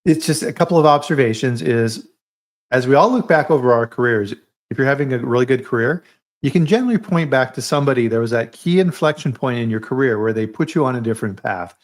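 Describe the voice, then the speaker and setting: A man hosting a podcast, offering measured, thoughtful observations in casual interview chat. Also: medium pitch, lively intonation. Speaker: podcast host.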